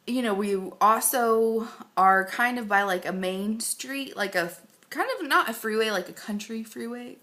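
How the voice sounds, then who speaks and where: A woman's voice: on the high side, a bit bright. A pregnant woman giving a rambling, casual update to camera, full of fillers and close to tears at times. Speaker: vlogger.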